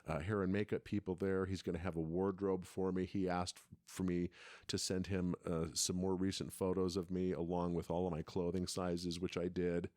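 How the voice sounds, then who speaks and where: A man's voice: low-pitched, flat delivery, moderate pace, a little mellow, no room sound, clean studio sound. A middle-aged man telling a long story in casual chat, rambling and restarting his sentences often. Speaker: podcast co-host, father.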